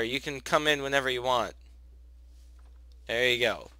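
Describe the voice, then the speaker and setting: Slow-talking young man narrating gameplay. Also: mid-range voice, no room sound. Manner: chatty, talks to his game characters, gushes at cute moments. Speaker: gaming channel host. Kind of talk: casual let's play commentary. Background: soft background music.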